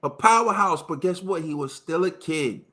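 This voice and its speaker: A man's voice: on the high side, lively intonation, moderate pace, bright, forceful tone. A man hosting a boxing talk show, ranting emphatically with slang and lots of repetition. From United States. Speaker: boxing podcast host. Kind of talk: heated casual commentary.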